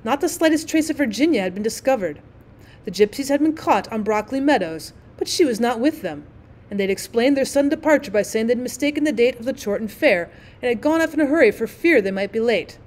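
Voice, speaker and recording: A woman's voice: on the high side, animated, fairly quick, darkish tone. A woman teacher narrating a classic short story as an audiobook, reading steadily and expressively.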